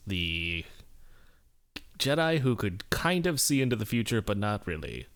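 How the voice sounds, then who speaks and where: A man's voice: lowish voice, big pitch swings, unhurried, fairly bright tone. A man co-hosting a podcast in casual chat, rambling and self-mocking with many fillers. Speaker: podcast co-host.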